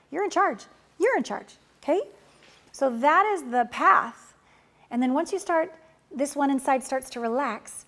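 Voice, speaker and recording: A woman with a fairly high voice coaches her students through a course lesson. She talks bluntly and casually, drops the odd swear word, and swings from loud, emphatic pushes to soft, tender stretches. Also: normal speed. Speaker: relationship and manifestation coach.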